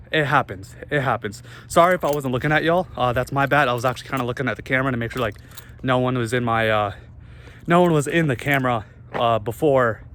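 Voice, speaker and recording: A man's voice: medium pitch, fairly bright tone. A man ranting casually to camera, out of breath after a workout, rambling and swearing, recorded through earbuds. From northern United States. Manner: rambling, profane, self-interrupting. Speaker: vlogger. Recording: voice picked up through earbud mic.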